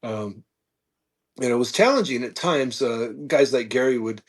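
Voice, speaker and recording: A man guest on a podcast, telling a casual story with animated peaks and frequent fillers. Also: mid-range voice, moderate pace. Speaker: podcast guest, reptile keeper.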